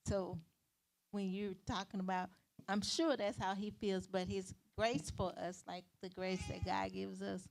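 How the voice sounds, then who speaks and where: A woman's voice: medium pitch, level tone, unhurried, gravelly. A woman from the congregation answering in a Bible study, reflective and thinking aloud. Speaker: church member.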